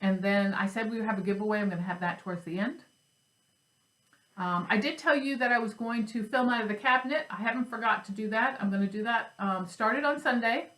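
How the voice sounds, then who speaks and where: A woman's voice: a little high, a little fast, fairly bright tone, roomy sound, rough recording. A woman chatting casually at home about her cross stitch and craft supplies, rambling and joking at herself. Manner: chatty, rambling, self-deprecating. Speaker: flosstube host.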